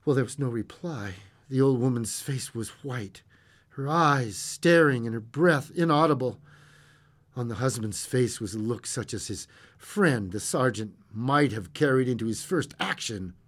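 A man narrating a classic short story aloud in an expressive way, with occasional stumbles and chuckles. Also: mid-range voice, a little slow.

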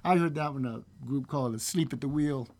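A man's voice: medium pitch, brisk. A man who sings and plays guitar, chatting casually and jokingly between songs and bantering with himself. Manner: playful, jokey banter with himself. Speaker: singer and guitarist. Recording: loud guitar music over the voice.

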